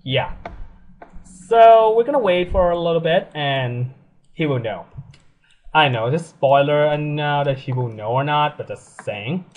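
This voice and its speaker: A young man giving casual, excitable commentary on a life-sim game, laughing often and swearing freely. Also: on the high side, a little slow, narrow, tinny audio. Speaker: let's play gamer.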